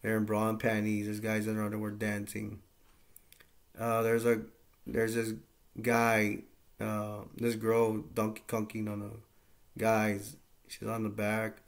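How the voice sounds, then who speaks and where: Brief: male vlogger recapping a film, low monotone with heavy vocal fry, rambling and unpolished. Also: a little slow. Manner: rambling, plain-spoken, with frequent fillers. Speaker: movie reviewer. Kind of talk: casual movie plot recap.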